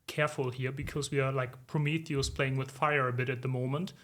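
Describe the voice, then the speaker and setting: This consultant in his forties speaks in a flat, slightly bright, mid-range voice during a podcast interview. His answers are measured and reflective, with "um" and "if you will" coming up often.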